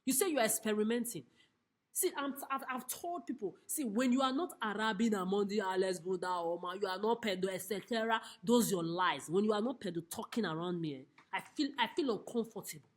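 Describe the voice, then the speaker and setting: A woman speaks straight to the camera in a furious, accusing rant. She curses often and circles back over the same points. Her voice sits at an ordinary middle pitch for a woman. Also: a little fast. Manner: accusatory, repetitive, cursing. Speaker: vlogger. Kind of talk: angry direct-to-camera rant. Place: homeless shelter, seated on a chair.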